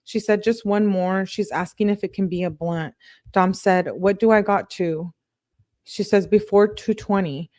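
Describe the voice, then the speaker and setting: A woman's voice: medium pitch, fairly even intonation, unhurried, darkish tone, no echo, clean studio sound. A woman true-crime YouTuber reading text messages aloud, with casual commentary in between.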